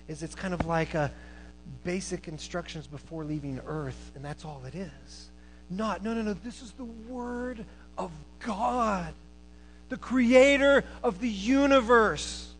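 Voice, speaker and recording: Male preacher with a high voice, lively sermon delivery, punchy emphasis then hushed asides. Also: unhurried, slight background noise, low-quality recording. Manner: animated, swings between loud emphasis and quiet asides. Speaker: preacher and college teacher.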